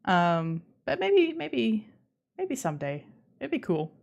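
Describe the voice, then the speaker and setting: A woman's voice: fairly high pitch, huge pitch swings, takes it slowly, vocal fry, darkish tone, dull audio. A young woman with an Australian accent, chatting casually with viewers on a live stream, rambling and restarting her sentences with giggles. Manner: rambling, self-interrupting, giggly.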